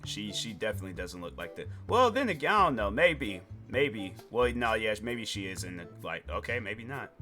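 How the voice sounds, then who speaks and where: A man's voice: on the low side, sing-song, normal speed, hardly any pauses, pushed and bright. A male streamer rambling through casual, joking commentary while he plays a game. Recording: game music playing behind.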